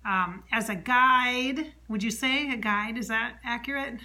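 A woman medium talking alone, chatty, relaying an unseen spirit's words and often dropping to a soft whisper. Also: fairly high pitch, a little slow. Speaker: psychic medium. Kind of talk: solo channeling monologue.

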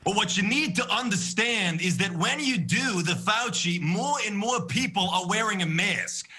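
A phlegmy elderly doctor explaining things patiently, as a young man imitates him. He sounds throaty and earnest, higher than the performer's normal voice. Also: lively intonation, normal speed, pushed and bright, breathy edge, full character voice. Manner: lecturing, throaty.

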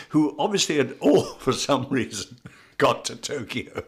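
A man's voice: medium pitch, big pitch swings, a little slow. An older English man, an actor, telling anecdotes in an interview, with frequent stammered restarts. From England. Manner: storytelling with stammered restarts and laughs. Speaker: actor guest.

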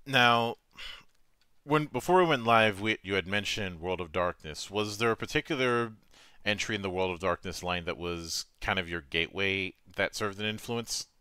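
A man's voice: lowish voice, normal speed, pushed and bright, smooth, dry recording. A man hosting a casual interview, often stumbling and restarting his words. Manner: stammering restarts, repeats words. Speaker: host.

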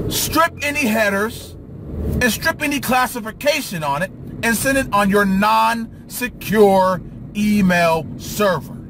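A man's voice: sits high, noisy background. A man ranting angrily in an opinion monologue, firing off indignant rhetorical questions. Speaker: political vlogger.

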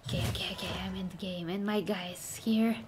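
A woman's voice: mid-range voice, steady tone, brisk, a little mellow, slight background noise. A woman giving casual gameplay commentary, chatting to herself and exclaiming at the game. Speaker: gaming channel host.

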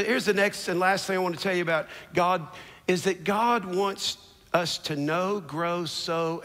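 A man preaching a sermon as a church's founding pastor on a large stage, swinging from low murmurs to shouted declarations. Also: big-room sound.

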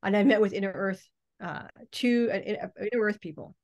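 A woman's voice: medium pitch, brisk, darkish tone, highs cut off. A woman speaking as a guest in a casual podcast chat, rambling along with many restarts and hesitations. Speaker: guest mystic. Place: podcast recording, remote or studio.

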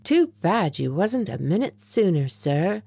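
A woman voicing a young male hotel hall boy with quick, deferential speech. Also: on the low side, very animated, vocal fry, darkish tone, breathy edge, voice pushed up, exaggerated voice. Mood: eager.

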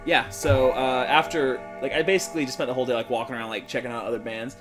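A man's voice: medium pitch, steady tone, fast talker. Laid-back man chatting over game music. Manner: laid-back, filler-heavy, laughs often. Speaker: gaming co-host. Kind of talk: casual let's play chat.

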